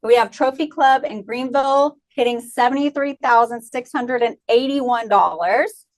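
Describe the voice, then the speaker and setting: A woman reading out team shoutouts in a meeting, bubbly and cheering between each item. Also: fairly high pitch, moderate pace. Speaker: presenter of shoutouts. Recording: noisy call audio.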